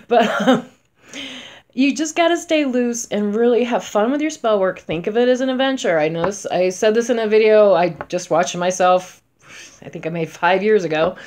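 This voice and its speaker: A spellcaster in her forties talks casually to the camera with a medium-pitched voice. She's chatty and emphatic, moving between loud and soft.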